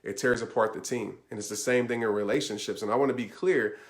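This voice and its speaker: A man's voice: mid-range voice, steady tone, quick pace. Earnest man giving motivational advice. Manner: earnest, repeats "I promise you" and "right?"; conversational, speaks directly to listeners. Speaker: motivational speaker. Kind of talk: motivational talk answering a question.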